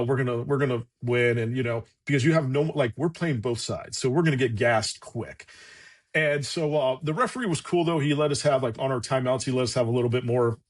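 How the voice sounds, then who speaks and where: A man chatting as a podcast guest, telling a long anecdote casually, acting out what people said and swearing freely. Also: mid-range voice. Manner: lively anecdotal, acts out quotes, swears freely. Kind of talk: casual storytelling in conversation.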